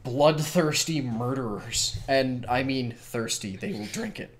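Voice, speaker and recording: A man's voice: mid-range voice, expressive, unhurried, a little hiss or hum. A man co-hosting a casual podcast, explaining fantasy game lore and correcting pronunciation with authority. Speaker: podcast co-host. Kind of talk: casual chat about tabletop game world-building.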